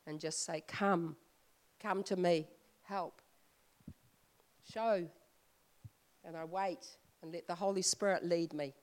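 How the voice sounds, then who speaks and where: Slow, heartfelt woman preacher. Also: on the low side. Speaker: visiting preacher. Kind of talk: sermon.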